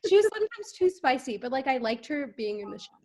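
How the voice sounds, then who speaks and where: Young woman, high voice, casual, chatty, remote call. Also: sing-song, fast, a little mellow. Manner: chatty, frequent "like" fillers. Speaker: guest. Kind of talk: casual chat.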